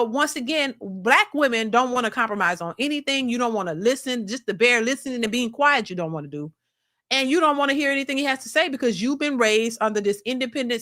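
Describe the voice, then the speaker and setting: A woman with a slightly high, fairly bright voice hosts a reaction channel, delivering a blunt, opinionated commentary monologue. She's preachy, uses plenty of casual slang, repeats her points, and calls her viewers "y'all."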